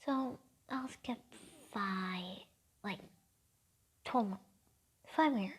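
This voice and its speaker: A woman's voice: medium pitch, drawn-out words, husky. A woman casually improvising a fan-fiction story, rambling and hesitant, often half-whispering.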